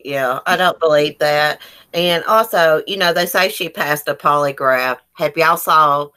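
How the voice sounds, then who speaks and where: A woman's voice: sits low, unhurried, sharp tone. A woman, a guest on a podcast, talking bluntly and skeptically in casual chat and cursing casually.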